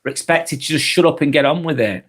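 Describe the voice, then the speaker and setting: A man hosting a live vlog, thinking out loud in casual chat and swearing freely as he restarts his sentences. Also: fairly high pitch, fast, breathy edge. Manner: earnest, swears freely, many restarts and trailing phrases. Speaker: live vlog host reading chat comments.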